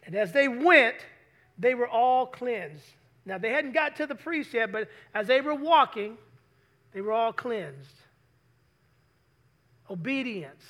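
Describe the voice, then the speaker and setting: High, bright-voiced preaching man. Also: slow pace, pauses often. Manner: lively preaching, asks the congregation questions. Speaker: pastor. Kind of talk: sermon.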